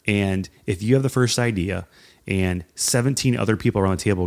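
A man co-hosting a casual talk on leadership, animated and often acting out what people say. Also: lowish voice, a little fast. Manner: animated, acts out quoted voices. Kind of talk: casual conversation about leadership.

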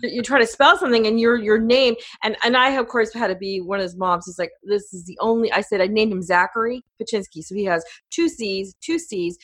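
A woman's voice: medium pitch, brisk, hardly any pauses, fairly bright tone. Chatty rambling middle-aged woman. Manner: rambling, chatty, laughs often. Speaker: podcast host as guest. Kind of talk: casual interview chat.

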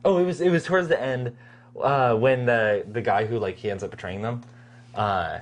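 Animated young podcast co-host. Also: medium pitch, normal speed. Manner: animated storyteller, acts out lines. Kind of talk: casual movie review chat.

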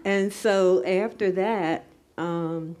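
A woman's voice: on the low side, very slow, darkish tone. A woman recounting a childhood memory to a group in an earnest, reflective way. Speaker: group participant. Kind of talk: personal story in a group discussion.

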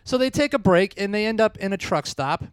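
A man's voice: high-pitched, animated, fairly quick, clear, resonant tone, no echo. A man hosting a casual movie review chat, retelling the plot in a chatty way and laughing often. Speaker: podcast host.

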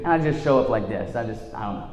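A man giving a storytelling sermon, swinging from lively tales to a hushed, earnest tone. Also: fairly low pitch, quick pace. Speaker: youth speaker and teacher. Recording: echoey hall with long reverb.

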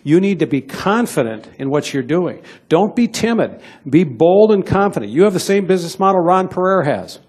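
A middle-aged man delivers a motivational sales talk to a live audience in a rapid, punchy rhythm. His voice is husky and sits a little high, and he coaxes the crowd directly while acting out bits of sales dialogue. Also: very animated, darkish tone. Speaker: sales trainer.

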